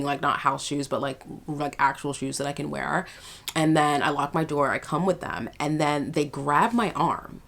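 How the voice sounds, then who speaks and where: A woman's voice: sits low, creaky, fairly bright tone. A young adult woman vlogger telling a personal story in a casual, emphatic way, full of fillers.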